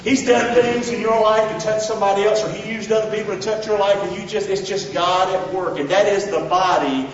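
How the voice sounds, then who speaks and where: A man's voice: high-pitched, steady tone, brisk, hardly any pauses, slight background noise. A man preaching a sermon as pastor, fervent, asking the congregation to answer him back. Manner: fervent, call-and-response preaching. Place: church sanctuary. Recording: echoey hall, distant mic, dull.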